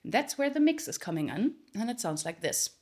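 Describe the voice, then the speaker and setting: A woman vocal coach teaching a singing lesson. She explains in plain terms and then belts short phrases loud and high. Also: big pitch swings, moderate pace, breathy edge. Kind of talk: singing lesson with sung demonstrations.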